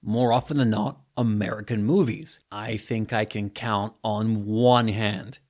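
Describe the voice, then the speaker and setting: Animated New Zealand man telling a story. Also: measured pace. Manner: animated, jumping in pitch for emphasis. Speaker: podcast host. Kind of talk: casual storytelling monologue.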